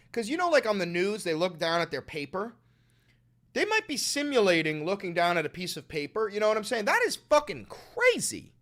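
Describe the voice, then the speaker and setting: Bright-voiced profane young man from New York. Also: sits high. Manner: profane, animated, sarcastic. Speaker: political livestream host. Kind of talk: casual livestream commentary.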